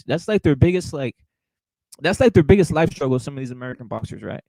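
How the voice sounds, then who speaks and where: A man's voice: on the high side, lively intonation, fairly quick, darkish tone, no echo, low-quality recording. A man hosting a boxing show, ranting casually with a lot of swearing and repetition. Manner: profane, heated, repetitive, keeps saying "brother". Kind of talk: casual livestream rant.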